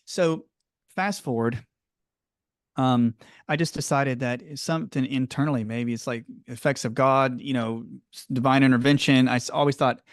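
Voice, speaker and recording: A middle-aged man chatting as an interview guest, rambling and warm. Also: medium pitch, steady tone, normal speed, dry recording, studio quality. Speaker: guest, clinic owner. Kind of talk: casual interview.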